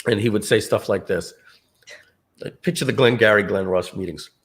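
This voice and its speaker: A man's voice: lowish voice, moderate pace. Man telling a story with acted-out quotes. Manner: acts out other people's lines in quoted voices. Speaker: speaker telling a personal story. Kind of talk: animated storytelling to an audience.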